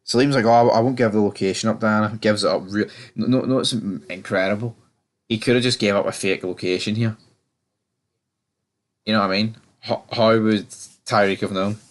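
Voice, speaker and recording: A man's voice: lowish voice, fairly even intonation, fairly quick. A young man giving a casual, rambling review of a TV episode, often stammering and restarting, sounding exasperated. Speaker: TV review channel host.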